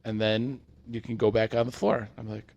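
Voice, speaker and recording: A man hosting a casual chat, telling work stories in an animated way. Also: moderate pace, vocal fry, lo-fi sound. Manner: animated storyteller, acts out quoted customers in high voices. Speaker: podcast host.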